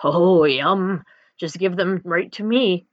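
A woman's voice: fairly low pitch, slow, no echo, highs cut off. A woman voicing a short-tempered, greedy emperor who barks harsh demands in a storybook reading.

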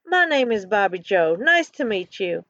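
A woman's voice: medium pitch, sing-song, moderate pace, a bit bright, no room sound. A woman voicing a friendly young cowgirl who speaks sweetly and soothingly. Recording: dull lo-fi recording.

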